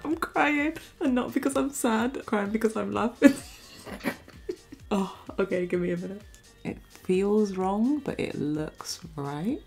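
A woman's voice: mid-range voice, expressive, unhurried, gravelly. A young woman chatting casually while doing her makeup, giggling often and telling corny jokes. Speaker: beauty vlogger. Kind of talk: casual makeup challenge chat. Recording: soft music behind.

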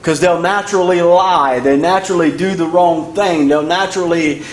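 A high-pitched male preacher with a drawl delivers a sermon in a hard, repeating cadence. His voice rings around an echoey church sanctuary. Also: normal speed. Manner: emphatic, repetitive preaching cadence. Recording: echoey room.

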